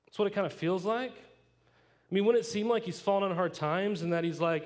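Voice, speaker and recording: A male pastor teaching a sermon in a casual, animated way, tossing rhetorical questions to the congregation and adding playful asides. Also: high voice, normal speed. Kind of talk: conversational sermon.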